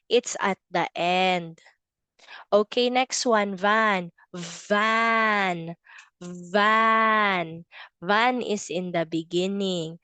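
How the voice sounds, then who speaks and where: Slow, patient preschool phonics teacher woman. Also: medium pitch, dry recording. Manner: slow and patient, drawing out words and repeating them. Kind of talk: phonics lesson for young children.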